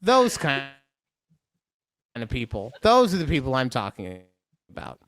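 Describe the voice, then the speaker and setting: A man's voice: mid-range voice, wildly swooping pitch, unhurried, a bit bright, a little hiss or hum. A man co-hosting a casual podcast, reading horoscopes aloud with mock-dramatic jokes and free swearing. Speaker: podcast co-host.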